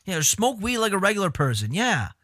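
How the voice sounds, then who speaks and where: A man's voice: sits high, very animated, quick pace, a bit bright, no room sound, studio quality. A man streaming live, riffing on clips in casual, profane, exasperated commentary.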